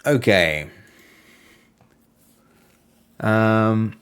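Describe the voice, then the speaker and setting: Low-voiced Australian man chatting while coding. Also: sing-song, unhurried, few pauses. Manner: chatty and playful, trailing off into low mutters while reading. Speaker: game developer streaming live. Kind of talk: casual live-stream chat while coding.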